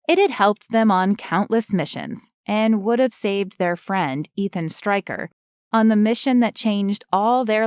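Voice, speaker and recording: A woman narrating an audiobook at an unhurried pace, her tone smooth and clear. The reading is measured and even, recorded close in a dry, dead studio. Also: medium pitch, no echo. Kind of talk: scripted narration. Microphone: close studio mic.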